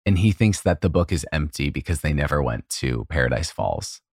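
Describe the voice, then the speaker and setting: Deep-voiced man gushing in casual chat. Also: animated, fairly quick, vocal fry, darkish tone, dry recording, studio quality. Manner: emotional, gushing storyteller with many fillers. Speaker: podcast co-host.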